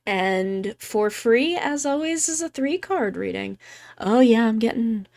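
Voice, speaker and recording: A woman streamer chatting casually while giving tarot readings, joking about herself and swearing freely, speaking softly and close to the mic. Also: fairly high pitch, animated, unhurried, vocal fry. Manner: soft, quiet near-ASMR voice close to the mic. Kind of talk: casual live-stream chat. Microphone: close microphone.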